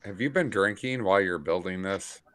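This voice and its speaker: A man's voice: low voice, normal speed, a bit bright, dry recording. A man chatting casually on a live stream, joking, teasing and rambling. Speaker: stream guest. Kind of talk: casual chat.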